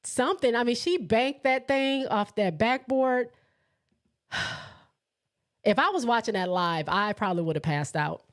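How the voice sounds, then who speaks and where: A woman's voice: on the high side, unhurried, long pauses. A woman hosting a casual live sports chat, reading out viewer comments and laughing often as she talks. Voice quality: laughs often, excitable and chatty. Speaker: host of a live sports show.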